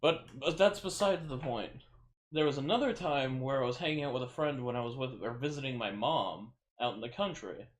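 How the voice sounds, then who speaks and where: A man's voice: mid-range voice, brisk. A man on a podcast, casually telling rambling stories and swearing often. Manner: rambling storyteller, swears, acts out quotes loudly. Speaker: podcast co-host. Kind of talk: casual chat.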